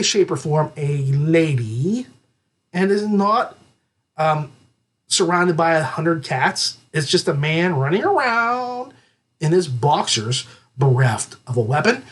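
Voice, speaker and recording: A man hosts a book-review podcast in a loose, jokey chat, rambling and restarting as he gets excited. His somewhat husky voice sits a bit high for a man. It swings widely in pitch from line to line. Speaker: podcast host reviewing audiobooks.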